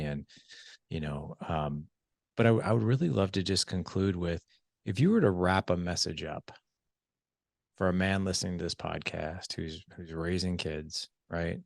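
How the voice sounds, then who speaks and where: A male podcast host speaks in a reflective, affirming way as he winds toward his closing question. His voice is low with a gravelly edge and a good deal of fry. The sound is dry and close-miked. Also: fairly even intonation, moderate pace, dry recording. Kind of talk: interview talk.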